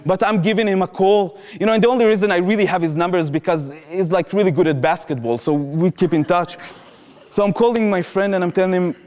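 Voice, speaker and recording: A man in his thirties, his voice sitting high for a man, speaks earnestly to a crowd. His slightly phrasing carries the story along. A long reverb from the large hall hangs on every word. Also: fast talker, a little mellow. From Israel. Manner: earnest, vivid, slightly non-native phrasing. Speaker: public speaker, former soldier. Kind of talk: personal storytelling talk.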